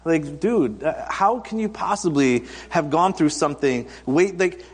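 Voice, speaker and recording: Long hall reverb surrounds a pastor in his thirties whose slightly high voice has a breathy edge. He delivers an animated, measured sermon in a conversational style, telling stories and doing funny voices for the people he quotes.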